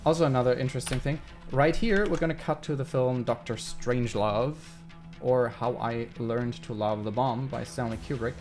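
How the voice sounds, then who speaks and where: Brief: male live streamer, casual, thinks aloud with plenty of fillers, middle pitch. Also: normal speed, darkish tone, faint music behind. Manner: thinks aloud while working, rambling with many fillers. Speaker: video essayist live-streaming his editing.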